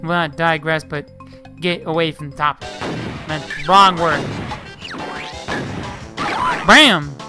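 A man's voice: fairly high pitch, flat delivery, moderate pace, over music. A man giving casual let's-play commentary, chatting away, scolding the game characters and swearing mildly. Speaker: gameplay commentator.

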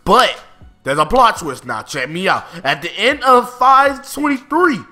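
A young man casually reviewing manga chapters, animated and excitable, full of slang and swearing. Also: sits high, unhurried, soft background music. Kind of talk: casual chat.

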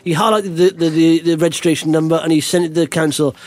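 A man hosting a podcast, talking in an animated, ranting way and laughing often. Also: a little high, fast talker. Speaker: podcast host. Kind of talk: casual chat.

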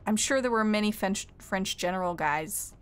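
A woman's voice: medium pitch, moderate pace, clean tone, faint music behind. A woman co-hosting a game live stream in casual chat, playful and teasing, laughing often. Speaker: streamer co-host.

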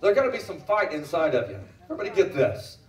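High-voiced preacher in an echoing church. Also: male voice, very animated, fast talker. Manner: emphatic, repeats phrases, asks the crowd questions. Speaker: pastor. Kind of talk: sermon. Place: church sanctuary. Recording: roomy church audio from a distance.

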